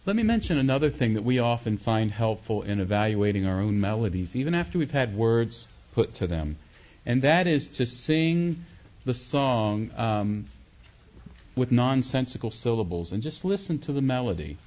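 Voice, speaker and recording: A man's voice: mid-range voice, very animated, normal speed, darkish tone, muffled recording. A man teaching a songwriting workshop, explaining ideas and singing short melody examples.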